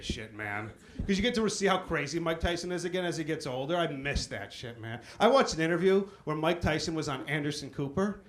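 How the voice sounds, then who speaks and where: A man's voice: a little high, fast talker, few pauses, noisy background. A man performing a stand-up comedy set, telling loose, profane stories.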